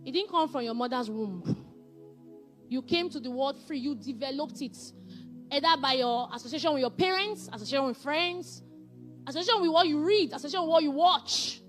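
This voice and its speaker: A woman, giving a faith-based marriage teaching with animated, emphatic repetition. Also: sits high, fairly quick, faint music behind.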